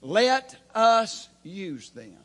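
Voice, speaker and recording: A man's voice: sits high, sing-song, very slow, a bit bright. A man preaching a sermon from the pulpit as pastor, folksy and plain-spoken, asking the congregation rhetorical questions. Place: church pulpit.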